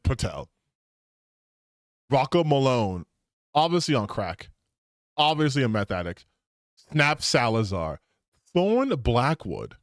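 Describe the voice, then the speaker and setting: A man doing casual reaction commentary on a stream, sarcastic and openly incredulous. His voice sits fairly high and swings widely in pitch, and the sound is dry and close. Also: no room sound. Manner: sarcastic, incredulous, repeats himself for emphasis.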